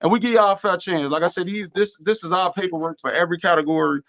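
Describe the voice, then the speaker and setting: A man with a Chicago accent talks casually on a radio show. His voice sits a little high. He rambles through his points with many fillers and restarts. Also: quick pace, fairly bright tone, no room sound. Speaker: award show organizer.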